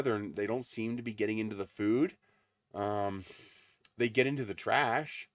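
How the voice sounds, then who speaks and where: A man's voice: mid-range voice, moderate pace, a bit bright, no echo, studio quality. A man hosting a casual livestream from his desert home, chatting in a rambling way with frequent ums. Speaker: livestream host.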